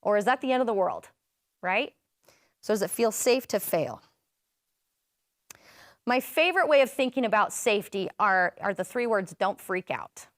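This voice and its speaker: A woman leading a parenting workshop in a relaxed, conversational way, often turning questions back to her listeners and echoing their answers. Her voice sits a little high for a woman. The sound is close and dry, with almost no room echo. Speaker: workshop presenter. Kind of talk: interactive parenting workshop talk.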